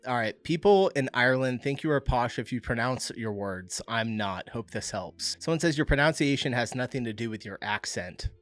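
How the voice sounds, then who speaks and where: A man's voice: mid-range voice, animated, normal speed, few pauses, fairly bright tone. An American man hosting a reaction video, reading comments aloud and laughing often. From United States.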